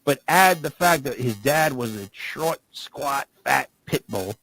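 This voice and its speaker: A man's voice: medium pitch, lively intonation, slow pace, creaky, a bit bright, poor audio. A man co-hosting a podcast, rambling through casual stories and laughing as he talks. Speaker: podcast co-host.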